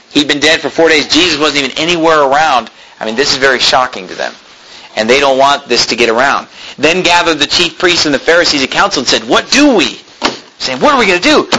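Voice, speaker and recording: A male preacher giving an animated sermon, reading scripture and acting out scenes with sudden shouts. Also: on the high side, slight background noise, poor audio.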